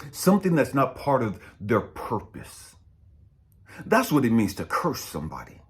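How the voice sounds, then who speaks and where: Blunt preachy man, lively pitch. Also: measured pace. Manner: preachy and blunt, swings between loud and hushed. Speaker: spiritual coach. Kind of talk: motivational talk.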